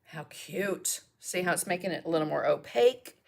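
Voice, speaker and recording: A woman's voice: fairly low pitch, expressive, normal speed, creaky. A chatty middle-aged woman teaching a live painting lesson, talking viewers through each brush step. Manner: chatty, greets viewers and coughs and laughs between steps.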